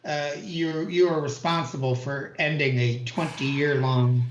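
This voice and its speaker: A man's voice: a little high, fairly even intonation, slow, background noise. A man hosting a live stream chat, teasing and laughing with his guest. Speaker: host. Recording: roomy, dull video call audio.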